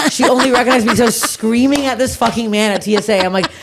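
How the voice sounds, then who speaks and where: A woman's voice: a little high, fast talker, gravelly, heavy background noise. A woman hosting a podcast, chatting casually and telling stories with lots of swearing and acted-out voices. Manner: animated storyteller, swears a lot, acts out other people's voices. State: tired. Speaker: podcast host, comedian. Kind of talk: casual chat, storytelling.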